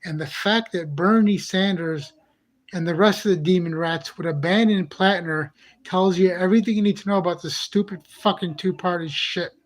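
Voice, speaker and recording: A man's voice: high-pitched, normal speed. A man ranting in a heated, profane monologue for his own channel, repeating himself in exasperation. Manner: repetitive, exasperated. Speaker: channel host. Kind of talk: angry monologue vlog.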